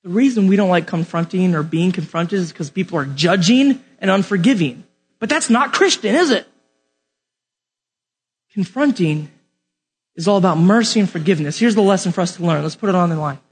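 Preacher guy with a really high husky voice, casual and jokey sermon. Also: animated, moderate pace, pauses often. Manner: casual, joking, talks straight to the room.

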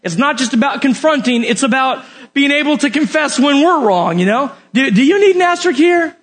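A young man teaching a Bible lesson from an outline, animated and often asking the audience questions. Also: extremely high pitch, a little fast.

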